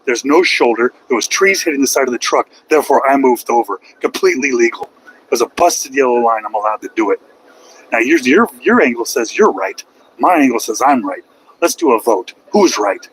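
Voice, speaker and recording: A man's voice: medium pitch, lively intonation, a little fast, a little hiss or hum, low-quality recording. A man driving a truck who livestreams to his chat and answers critics with sarcastic, mocking remarks. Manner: sarcastic, mocking, heckles critics in a put-on whiny voice. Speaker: truck driver vlogger. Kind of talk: live-stream rant to chat. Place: inside a truck cab on the road.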